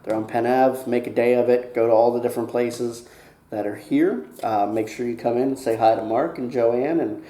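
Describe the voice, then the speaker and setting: Relaxed host in an echoey taproom. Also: male voice, mid-range voice, moderate pace. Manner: relaxed and friendly, many "um"s. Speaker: podcast host. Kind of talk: casual interview chat. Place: inside a brewery taproom. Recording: echoey room with faint hiss.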